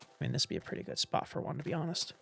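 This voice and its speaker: A man's voice: a little high, very animated, racing, vocal fry, husky, faint music behind. A man thinking aloud in casual commentary as he builds in a block-building game, rambling and trailing off between ideas. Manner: rambling, thinks aloud while building, hums doop sounds. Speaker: gameplay commentator.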